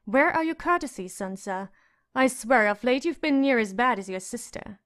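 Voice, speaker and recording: A woman's voice: on the high side, animated, moderate pace, a bit bright. A woman reading an audiobook, voicing a strict older governess who scolds firmly. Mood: stern. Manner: scolding and firm.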